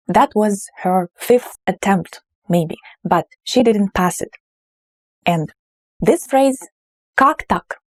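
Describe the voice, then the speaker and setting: Slow, patient Russian-accented woman teacher. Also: medium pitch, a little mellow, no echo, clean studio sound. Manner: patient, explains slowly, says Russian phrases expressively. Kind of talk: language lesson.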